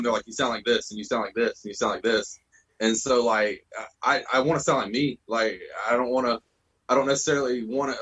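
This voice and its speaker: A man's voice: medium pitch, a bit bright, slightly rough, rough recording. A man, a band vocalist on a podcast, chatting loosely and profanely, calling people bro. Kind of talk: casual podcast chat.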